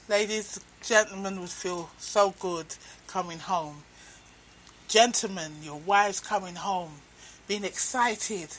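Animated, bright-voiced woman radio host. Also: mid-range voice. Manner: playful, laughing, musing aloud. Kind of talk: casual radio presenting.

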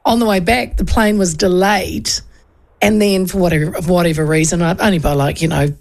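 A woman's voice: fairly low pitch, fairly quick, gravelly. Chatty New woman radio host. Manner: chatty, animated storyteller. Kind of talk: casual radio chat.

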